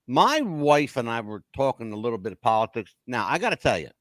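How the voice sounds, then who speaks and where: A man's voice: mid-range voice, big pitch swings, a little fast, a bit bright, dry recording, clean studio sound. A man co-hosting a podcast in casual chat, joking and emphatic, insisting he is not making things up. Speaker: podcast co-host.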